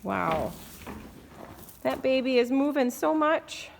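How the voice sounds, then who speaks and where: A woman vlogging about her horse in a casual, excited way, with plenty of fillers, speaking at a barn while grooming her mare. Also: high-pitched, slow, creaky. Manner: excited and chatty, many fillers. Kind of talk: casual vlog chat. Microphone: handheld camera.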